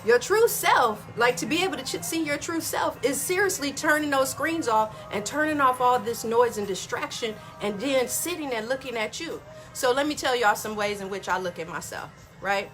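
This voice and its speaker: A woman's voice: fairly high pitch, expressive, normal speed, hardly any pauses, fairly bright tone, soft background music. A middle-aged woman hosting a casual motivational talk, chatty and folksy, calling her listeners y'all. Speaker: wellness podcast host.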